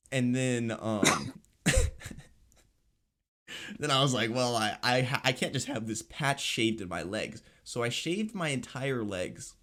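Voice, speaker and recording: A young man co-hosting a podcast, telling stories in a casual chat, acting out voices and laughing often. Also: medium pitch. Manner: animated storyteller, acts out voices, laughs often. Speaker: podcast co-host.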